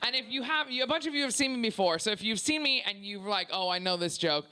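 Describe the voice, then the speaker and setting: A brash young woman with a Canadian accent doing stand-up in a small club. Her voice is bright and punchy, and she delivers crude jokes loudly while ribbing the audience. The set sounds loose and unpolished, like a work-in-progress preview. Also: a little high, lively intonation, quick pace, slight background noise. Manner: loud, brash and profane, teasing the crowd. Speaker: stand-up comedian. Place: small comedy club before a live audience.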